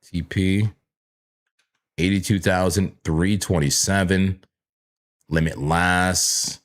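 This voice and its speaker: A man hosting a live crypto trading stream from a home trading room full of screens, jokey and animated, talking to himself as he works. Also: low-pitched, slow pace. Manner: animated, jokey, talks to himself and yells playfully. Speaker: crypto trading livestream host. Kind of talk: live chart analysis chat.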